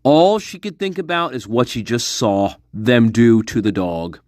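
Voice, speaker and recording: An online commentator delivers a casual monologue to his viewers, speculating intensely, repeating himself and swearing often. His mid-range voice is a little slow and a little mellow, recorded at studio quality with no room sound.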